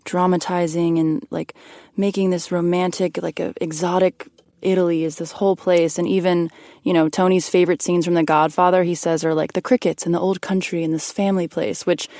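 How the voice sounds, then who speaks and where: Woman, podcast co-host, vocal fry, blunt, dry close sound. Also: lowish voice, a little mellow, no room sound. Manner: blunt, filler-heavy with frequent likes. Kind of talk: casual chat.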